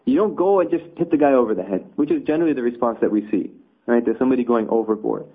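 A man's voice: medium pitch, fast, husky. A man teaching a conversational religious lesson, explaining with rhetorical asides. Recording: tinny phone-like audio.

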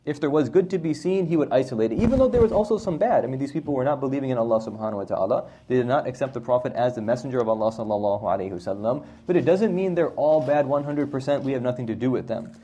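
Male religious teacher, warm tone, lively lecturing with rhetorical checks to the class. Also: mid-range voice, very fast, hardly any pauses, slight background noise. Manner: animated, asks rhetorical questions, often adds "right?". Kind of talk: Islamic history lecture to a class.

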